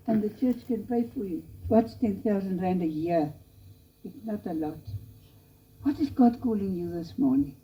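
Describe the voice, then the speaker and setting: A woman's voice: medium pitch, moderate pace. A woman preaching a missionary appeal in a church chapel, earnest and pleading as she tells a story. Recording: lo-fi dull recording.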